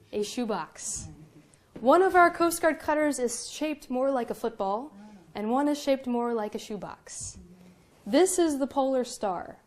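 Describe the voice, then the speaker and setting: A young woman, a Coast Guard officer, giving a public lecture in a museum with lively, self-mocking stories. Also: a little high.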